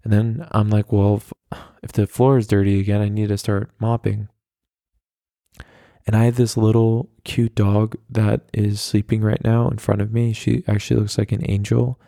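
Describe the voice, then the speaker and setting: A young man rambles through a solo podcast in a low, gravelly voice that stays flat and even. His tone is dark and mellow, and he pokes fun at himself. The sound is dry and close, with no room echo. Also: moderate pace. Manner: rambling, self-deprecating, chatty with many fillers. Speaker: podcast host. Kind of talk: casual solo podcast monologue.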